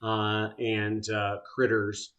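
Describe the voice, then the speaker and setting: A man narrating a tabletop game as game master, halting often to gather his thoughts. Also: on the low side, completely flat delivery, a bit bright. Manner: halting, full of "uh" fillers.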